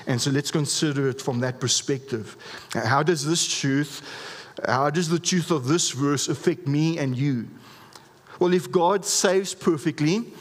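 A man's voice: on the high side, big-room sound. A man preaching a sermon as a pastor, earnest and emphatic, often restarting his words.

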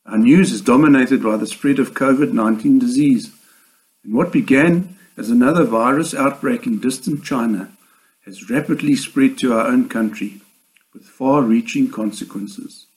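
A man delivering a sermon in a measured, earnest way, with slow emphatic pauses. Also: mid-range voice, low-quality recording. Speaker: preacher.

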